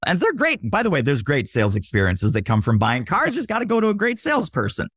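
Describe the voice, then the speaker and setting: A man as a podcast guest explaining sales in an animated way, acting out what buyers and waiters say and often adding "right?". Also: on the high side, fast, slightly rough, dry recording, clean studio sound. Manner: punchy teaching tone, often tags lines with "right?". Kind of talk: casual interview talk.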